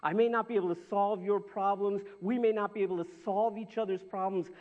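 A man's voice: sits high, brisk. A man preaching a sermon as pastor, telling stories with lots of restarts and repetition. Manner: animated storytelling with repetitions. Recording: dull lo-fi sound.

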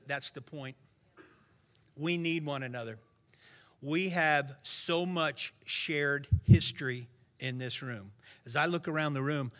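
A man preaching a sermon to his congregation, swinging from hushed asides to emphatic, raised points. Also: medium pitch, dull audio. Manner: acts out voices in retold scenes. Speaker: pastor. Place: church room with congregation.

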